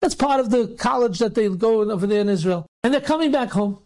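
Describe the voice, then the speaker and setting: A rabbi telling a story with animated delivery, acting out the dialogue in different voices and speaking in loose phrasing with restarts. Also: male voice, sits high, quick pace. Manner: acts out the dialogue in different voices, sometimes shouting; loose spoken phrasing with restarts and repeated words.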